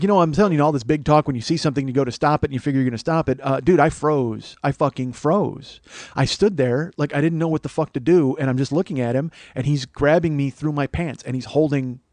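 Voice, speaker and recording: Man in his forties, podcast host, slightly high voice, dry close sound, profane rambling story, stumbling restarts. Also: a little mellow, no room sound. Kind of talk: comic storytelling monologue.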